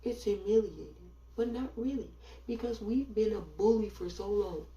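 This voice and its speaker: A woman's voice: medium pitch, normal speed, dark tone. A woman giving a blunt, sardonic opinion monologue as a commentator. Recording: roomy sound from a distance.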